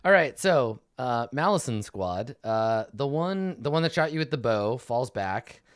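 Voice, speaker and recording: A man's voice: mid-range voice, animated, measured pace, dry recording, clean studio sound. A man running a tabletop game as game master, narrating the action and rolling for monsters.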